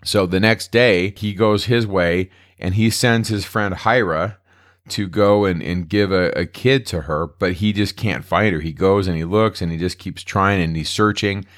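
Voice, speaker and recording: A deep-voiced man teaches a Bible lesson in a relaxed, conversational way. He retells the old text in everyday modern phrasing, as if talking to a class. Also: measured pace. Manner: conversational, retells scripture in plain modern words. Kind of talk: casual Bible study lecture.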